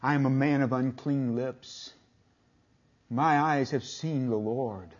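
An older man preaching a sermon in a folksy way, retelling scripture in plain speech and swinging from booming declarations to near-whispers. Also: slow pace, dull audio.

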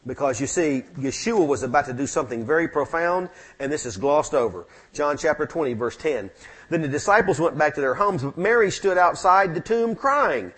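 Fervent husky-voiced man preaching. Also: fairly high pitch, animated, moderate pace, fairly bright tone. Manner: fervent preaching that rises and drops sharply. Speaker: pastor. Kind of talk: sermon. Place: church sanctuary with amplified mic.

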